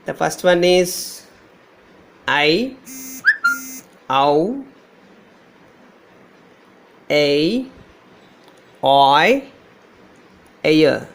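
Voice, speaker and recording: Male English teacher, Telugu-Indian accent, slightly high gravelly voice, slow deliberate sound drills. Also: fairly bright tone. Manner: slow, drawn-out modelling of each sound, repeating words. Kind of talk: pronunciation lesson.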